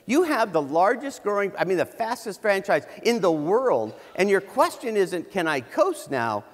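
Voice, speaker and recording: A man's voice: high voice, very animated, normal speed. A middle-aged man giving a humorous keynote on stage, telling a story in a conversational way with many restarts. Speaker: keynote speaker. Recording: reverberant hall.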